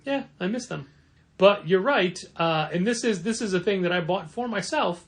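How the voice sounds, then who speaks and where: A man co-hosting a comic shop podcast in casual chat, animated and acting out quoted lines in a raised voice. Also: high-pitched, moderate pace.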